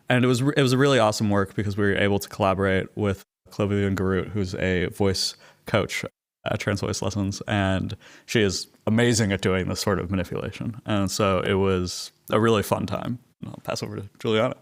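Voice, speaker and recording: A man's voice: fairly low pitch, fairly even intonation, a little fast, creaky. A young man, a researcher guest, explaining his work fluently and with enthusiasm in an interview.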